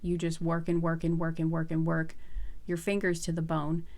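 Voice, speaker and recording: A woman's voice: deep voice, completely flat delivery, moderate pace, darkish tone. A woman giving a casual pick-a-card tarot reading to her viewers, chatty and earnest, with many fillers and restarts.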